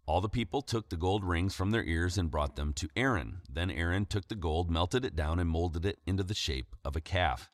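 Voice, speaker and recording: A man preacher reading scripture aloud in a measured way, then explaining it in a sermon. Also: low-pitched, dry recording.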